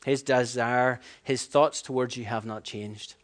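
A man preaching a sermon, animated and storytelling, acting out voices and laughing at his own stories. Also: medium pitch, unhurried, hardly any pauses.

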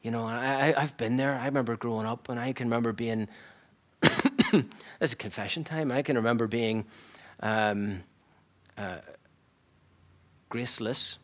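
A man preaching a sermon in an earnest, reflective way, often dropping to a hushed near-whisper. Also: medium pitch, normal speed.

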